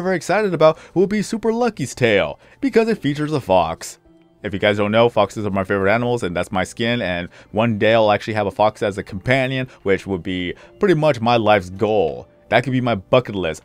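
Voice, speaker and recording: A man's voice: medium pitch, no room sound. A young man, a gaming YouTuber, chatting casually over his gameplay, rambling, often correcting himself and repeating phrases.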